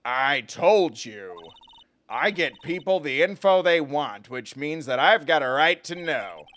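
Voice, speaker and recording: A man doing a loud twangy Southern reporter gal. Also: on the high side, lively intonation, unhurried. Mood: indignant. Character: brash young female Southern photojournalist. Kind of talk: reading game dialogue aloud.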